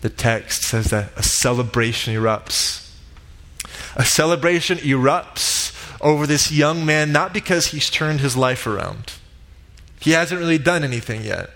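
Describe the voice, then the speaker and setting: A man delivering a sermon, retelling a parable with dramatic build-ups and loud quoted cries. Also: on the high side, expressive, measured pace, gravelly. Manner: dramatic retelling, rising to shouts in quoted lines. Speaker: pastor. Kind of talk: sermon storytelling. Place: church sanctuary.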